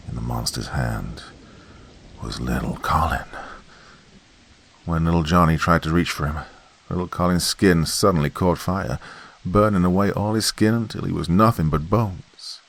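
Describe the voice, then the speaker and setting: A man narrating a horror story in a folksy campfire manner, swinging between loud and hushed delivery. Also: very deep voice, vocal fry.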